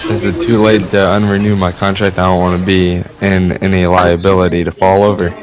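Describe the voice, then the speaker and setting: Joking low-voiced game player. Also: male voice, little pitch movement. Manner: joking, quick asides. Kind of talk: casual chat at a game table. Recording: chatter of a crowd behind.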